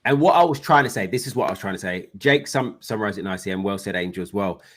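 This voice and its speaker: A man's voice: fairly low pitch, lively intonation, fast talker. A man co-hosting a live trading stream, talking bluntly and informally with some casual swearing. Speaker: trading analyst co-host.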